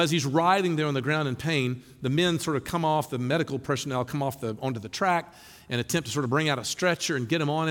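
A middle-aged man preaching a sermon in a church, earnest and animated, his voice rising for emphasis. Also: fairly high pitch. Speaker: pastor. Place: church sanctuary. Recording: long reverb in a large hall.

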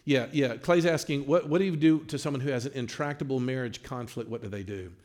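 A pastor teaching a marriage class and taking questions, animated, acting out little bits of dialogue. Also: male voice, mid-range voice, brisk. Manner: animated, acts out quoted dialogue.

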